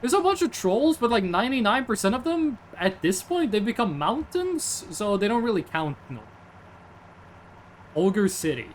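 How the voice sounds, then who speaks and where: A man's voice: high voice, sing-song, moderate pace, a little hiss or hum. A young man, streaming casually in a rambling, jokey way and answering chat. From Norway.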